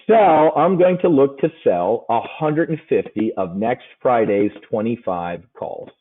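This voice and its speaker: A man's voice: medium pitch, expressive, measured pace. A man coaching an options-trading webinar in a brash, joking, casual way. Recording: tinny phone-like audio.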